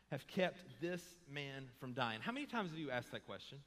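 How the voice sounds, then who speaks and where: Bright-voiced preacher in a reverberant church. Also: male voice, medium pitch, sing-song, fairly quick, few pauses, a little hiss or hum. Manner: conversational preaching, rising to impassioned emphasis. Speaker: pastor. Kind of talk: sermon. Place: church sanctuary. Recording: long hall reverb.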